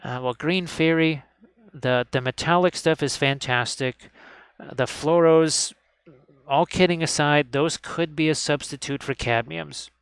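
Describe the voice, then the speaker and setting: A chatty man sits at his hobby desk, teaching miniature painting live to his viewers. His voice sits a little high for a man and comes across smooth and clean. The sound is close and dry, with no room echo. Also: fairly even intonation, a little slow. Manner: chatty and upbeat, often repeating "look at this". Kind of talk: live painting tutorial stream.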